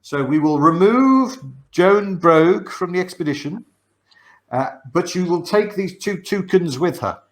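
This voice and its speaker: A man's voice: high voice, expressive, measured pace. Man hosting a board game stream. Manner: patient, explanatory, frequent "uh" fillers. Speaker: game show host explaining rules. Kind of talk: casual rules explanation on a streamed show. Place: remote stream over video call. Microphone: video call mic.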